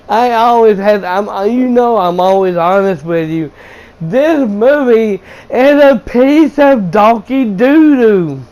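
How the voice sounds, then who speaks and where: A man's voice: sits high, a little mellow, low-quality recording. A young man hosting a video game channel, ranting through a blunt, profane, exasperated movie review.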